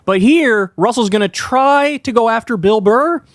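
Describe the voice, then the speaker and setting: A man's voice: very high-pitched, a little slow, dry recording. A man hosting an online political commentary show, ranting heatedly in casual slang with plenty of profanity.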